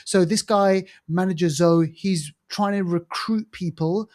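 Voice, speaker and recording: A man's voice: high voice, steady tone, measured pace, darkish tone. A man co-hosting a podcast, reviewing movies in a casual, enthusiastic, rambling way with lots of fillers and restarts. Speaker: podcast co-host.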